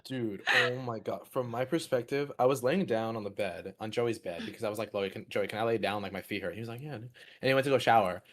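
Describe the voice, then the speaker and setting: A man co-hosting a stream, telling a story in a relaxed, slangy way. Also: fairly low pitch, quick pace, slight background noise. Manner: laid-back, slangy, laughs while telling stories. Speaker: stream co-host. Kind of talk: casual storytelling.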